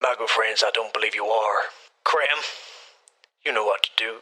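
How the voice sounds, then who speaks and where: A man's voice: fairly low pitch, moderate pace, sharp tone, slightly rough, heavily acted. A man voicing a menacing male villain speaking over a tannoy in an improvised role-play.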